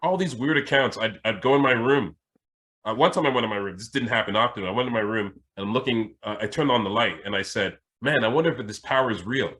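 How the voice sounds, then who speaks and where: A Jamaican man with a lowish, breathy-edged voice talks fast. A spiritual teacher hosting a podcast, he tells a personal story in casual, animated chat and often restarts his sentences.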